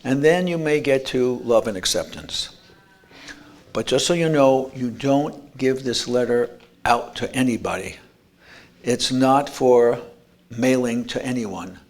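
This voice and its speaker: A man's voice: medium pitch, unhurried. A man giving an earnest motivational talk at an expo, telling stories and restarting words. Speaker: speaker. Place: expo lecture room.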